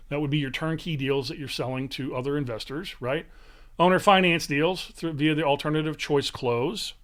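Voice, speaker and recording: A man's voice: fairly high pitch, fairly bright tone. A man teaching real estate wholesaling on a live webinar, emphatic and salesy, peppering his points with "okay?" and "all right?". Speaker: real estate investing coach.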